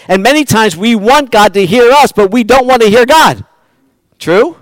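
A man preaching a sermon, swinging between loud pleading lines and quiet, hushed asides to the congregation. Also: very high voice, animated, moderate pace, no echo. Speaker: pastor.

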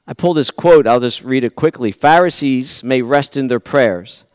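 A man preaching a sermon, swinging between loud pleading lines and quiet, hushed asides to the congregation. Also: mid-range voice, normal speed, clean tone, no room sound. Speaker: pastor.

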